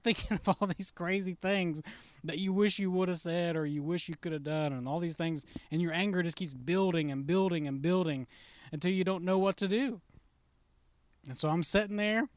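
Man, pastor, storytelling sermon, casual and chatty, high voice, dry close sound. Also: smooth, no room sound. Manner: casual, conversational, relives the story by acting out his own thoughts.

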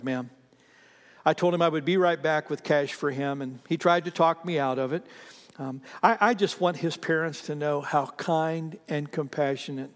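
A man's voice: on the high side, in a large hall. A man preaching a sermon, telling a story earnestly and speaking directly to his congregation. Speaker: pastor.

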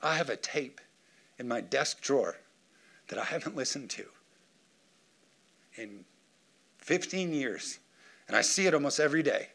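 A man pastor preaching a sermon in a church, lively and joking, calling on the congregation for amens. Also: mid-range voice, a little slow, vocal fry, long pauses. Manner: lively preaching with jokes and call-and-response. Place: church sanctuary.

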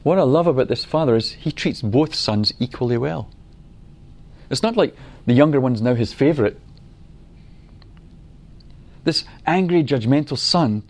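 Middle-aged male preacher, earnest and unhurried, mid-pitched voice, sermon delivery. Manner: earnest, unhurried storytelling with acted-out quotes.

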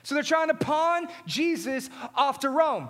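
Man preaching, really high voice, hammers the same line over and over, goes quiet on the big points. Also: animated, unhurried. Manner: emphatic, repeating refrains, dropping low for key lines. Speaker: pastor. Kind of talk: sermon.

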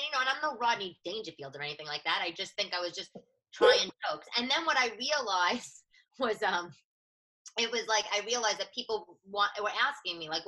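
A woman in her thirties with a New York accent, a stand-up comic chatting on a podcast, loud and a bit nasal, with many quick restarts. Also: mid-range voice, poor audio. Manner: fast, animated, many restarts. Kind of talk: casual podcast chat.

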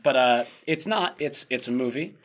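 A man in casual podcast chat about film awards, animated and joking, acting out little quotes. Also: medium pitch, normal speed. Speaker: podcast co-host.

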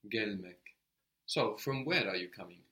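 A man's voice: lowish voice, animated, unhurried, bright, forceful tone. A man teaching a language lesson, explaining step by step and prompting his student to answer.

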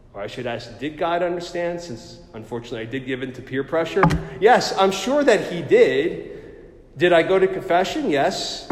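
A man's voice: a little high, slight background noise. A middle-aged man telling a personal faith story in a chatty, self-deprecating way, full of fillers. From New Jersey. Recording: roomy with long reverb.

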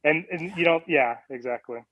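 A man's voice: fairly high pitch, normal speed, highs cut off, crowd noise. Fired-up, profane male caller. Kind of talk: casual sports talk.

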